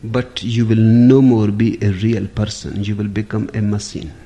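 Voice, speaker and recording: A man giving a spiritual discourse in a measured, deliberate storytelling manner. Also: lowish voice, steady tone, mellow, muffled recording. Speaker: spiritual teacher.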